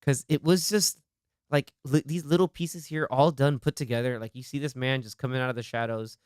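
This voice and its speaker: A man's voice: medium pitch, fairly even intonation, brisk, a little mellow, smooth, no room sound. A man hosting a casual movie podcast, talking with animation and acting out scenes in quoted voices on a studio mic. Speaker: podcast host.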